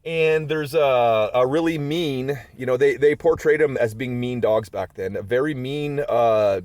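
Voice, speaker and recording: A man's voice: mid-range voice, a little slow, a little mellow. A man in his forties telling rambling, chatty stories about his dogs in a casual vlog. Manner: rambling, chatty storytelling with many asides. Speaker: dog owner vlogger.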